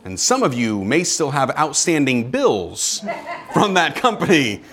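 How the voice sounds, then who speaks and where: A man's voice: fairly high pitch, big pitch swings, unhurried, a bit bright, faint music behind. A man in his forties, a pastor giving a casual, conversational sermon in a church with joking asides to the congregation. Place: church sanctuary.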